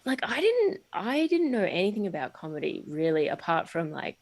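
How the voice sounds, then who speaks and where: A woman's voice: lowish voice, big pitch swings, moderate pace, a little mellow. A woman in her thirties, a stand-up comedian guest, chatting casually in a podcast interview with lots of fillers and self-deprecating asides. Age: 30s.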